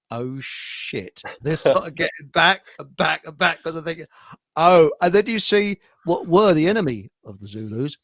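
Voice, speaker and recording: A man with a fairly high voice rambles through stories in a casual talk show. He hesitates often and keeps his thoughts loose. The sound is dry and close. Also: no room sound. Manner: rambling, hesitant, many fillers. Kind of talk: casual podcast chat.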